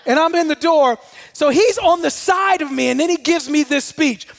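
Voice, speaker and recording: A man giving a motivational talk, telling a personal story in an animated way. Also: very high-pitched, normal speed, creaky, long reverb tail. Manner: animated storyteller, shouts out quoted commands. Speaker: motivational speaker.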